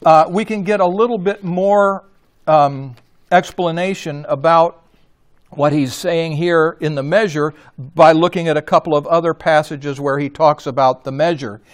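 A man leading an informal Bible study, explaining a passage in an unhurried way and often restarting and correcting himself mid-sentence. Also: fairly high pitch, steady tone. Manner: halting, with frequent restarts and self-corrections.

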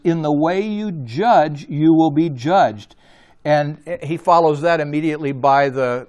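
A man leading an informal Bible study, explaining a passage in an unhurried way and often restarting and correcting himself mid-sentence. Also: a little high. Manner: halting, with frequent restarts and self-corrections.

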